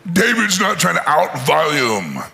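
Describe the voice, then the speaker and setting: Animated, gravelly-voiced male preacher. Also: a little high. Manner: animated storyteller, acts out voices, laughs often. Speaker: pastor. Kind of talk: sermon.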